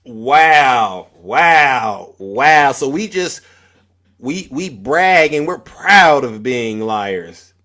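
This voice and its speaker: A man hosting a casual live stream, talking in an animated, mocking way and exclaiming at his guests. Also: mid-range voice, extremely slow.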